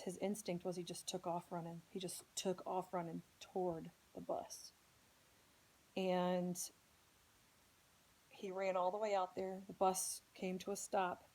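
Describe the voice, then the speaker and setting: A woman's voice: on the low side, warm tone, poor audio. A woman from Indianapolis earnestly telling a personal story as a podcast host, speaking with strong emotion. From Indianapolis, United States.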